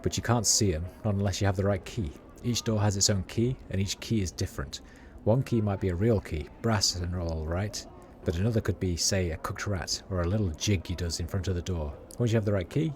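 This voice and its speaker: A man's voice: lowish voice, measured pace, a little mellow, slight background noise, close to an everyday voice. A man voicing a chatty, superstitious male rat catcher, reading slangy street talk aloud with small stumbles.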